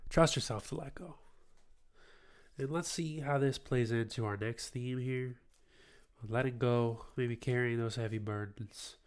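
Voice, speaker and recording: A man's voice: mid-range voice, a little slow, clean tone. Young guy doing a tarot podcast, reflective and affirming, easygoing asides, mid-range voice. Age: 20s. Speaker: podcast host, tarot reader. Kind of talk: spiritual podcast talk.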